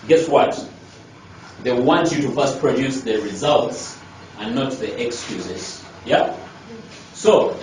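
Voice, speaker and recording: A man's voice: medium pitch, a little mellow, a little hiss or hum. A man working as a life coach, giving an emphatic motivational talk to a group, repeating his key lines and asking rhetorical questions. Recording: echoey room, distant mic.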